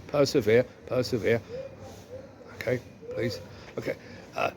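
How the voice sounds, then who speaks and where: A man's voice: mid-range voice, normal speed, long pauses, a little mellow, slight background noise. A man telling a joke and making self-deprecating asides to his viewers between skit lines. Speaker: comedy sketch host. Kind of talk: casual comic skit narration.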